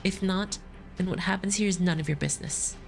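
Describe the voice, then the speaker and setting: A woman voicing a gruff, stern city guard who is curt and threatening toward outsiders in a game story. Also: fairly low pitch, brisk, faint music behind, voice pushed down.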